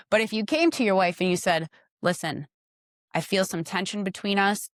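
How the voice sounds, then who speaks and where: A woman's voice: medium pitch, moderate pace, dry recording, studio quality. A woman who is a podcast guest, talking frankly about her marriage and giving direct advice, acting out little dialogues. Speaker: podcast guest, wife of host. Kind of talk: casual chat.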